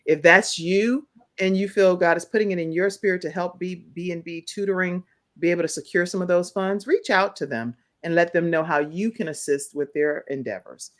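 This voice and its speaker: A woman hosting a live talk show, upbeat and encouraging, spelling out details slowly for her listeners. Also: on the low side.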